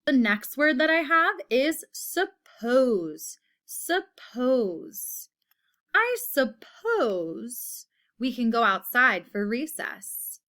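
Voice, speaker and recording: Female teacher, slightly high voice, slow deliberate delivery for a children's word lesson. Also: sing-song, pushed and bright. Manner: slow, patient, repeats each word with example sentences.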